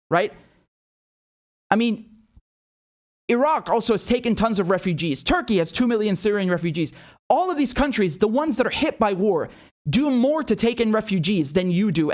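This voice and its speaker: A man giving heated, profane political commentary, emphatic and mocking, repeating words as he presses his points. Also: high voice. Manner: rhetorical and mocking.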